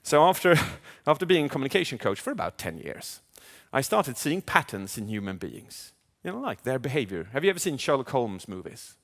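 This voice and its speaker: A man speaking as a communication coach in a live keynote, animated, asking the audience questions and acting out inner voices. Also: medium pitch, a little fast, few pauses. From Sweden. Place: large event hall. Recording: long hall reverb.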